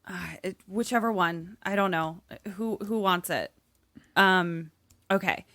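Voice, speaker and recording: A woman co-hosting a podcast, thinking out loud and swearing in casual, exasperated banter. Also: fairly low pitch, measured pace, dry recording. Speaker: podcast co-host.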